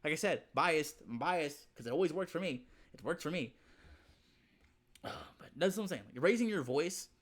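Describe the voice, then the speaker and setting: A man's voice: a little high, lively intonation, normal speed. Rambling, foul-mouthed man reacting to a video. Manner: rambling, repeats himself, swears freely. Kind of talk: casual reaction commentary.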